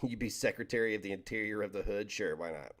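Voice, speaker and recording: A man's voice: lowish voice, fast, fairly bright tone. A man hosting a livestream, chatting casually with his viewers, rambling and joking as he stumbles over his words. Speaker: livestream host reading chat.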